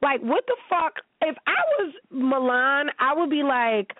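Woman talk-show host, casual profane commentary, slightly high voice, tinny and dry. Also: a little slow, no room sound. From United States. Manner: blunt, profane and animated.

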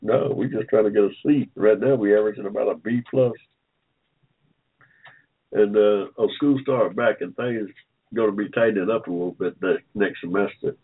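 A man's voice: on the low side, moderate pace, breathy edge. An older man hosting an online talk show, chatting casually and joking with listeners, rambling and repeating himself. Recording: phone-like line.

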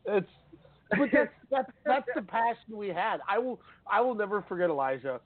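A man's voice: sits high, sing-song, moderate pace, no room sound. A man hosting sports radio, telling stories in a rambling, emotional way. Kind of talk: casual sports talk. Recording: dry, tinny phone-like line.

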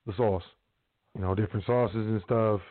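Over a thin, boxy line that resembles a phone call, a man with a slightly low voice gives casual, meandering advice on his own show. He is from the South Side of Chicago, talks in slang, and keeps a steady tone at a moderate pace.

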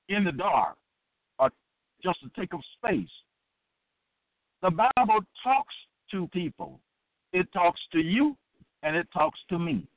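A man's voice: high-pitched, dry recording. Male Bible teacher, emphatic preaching delivery, dry close sound, thin phone-line quality. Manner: emphatic and deliberate, repeating points. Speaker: Bible teacher hosting an episode.

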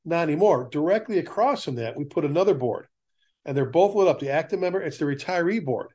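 A middle-aged man with a fairly high voice, hosting a fire service talk show. He tells stories in casual chat and acts out the voices of the people he quotes with lots of life. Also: fast talker. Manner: animated storyteller acting out quoted voices. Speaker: fire service podcast host.

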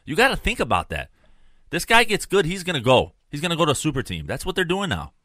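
Male co-host, swears constantly, rants with emphasis; bright, dry, close to mic. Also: on the high side, huge pitch swings, fast, no echo. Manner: profane, emphatic, ranting. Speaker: podcast co-host. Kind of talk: casual sports chat.

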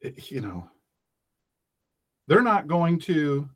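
A man's voice: a little high, big pitch swings, takes it slowly. A man hosting a radio call-in show, ranting emphatically and repeating his points. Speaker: talk radio host. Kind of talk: opinionated radio monologue.

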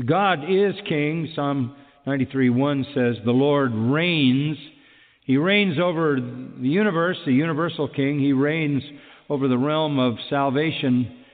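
A man's voice: fairly high pitch, a little slow. A man delivers a sermon in a slightly raised voice, pressing his points with repetition and rhetorical questions. The sound is thin and phone-like, with a long hall echo trailing behind him. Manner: emphatic, repeats key phrases, asks rhetorical questions. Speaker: preacher.

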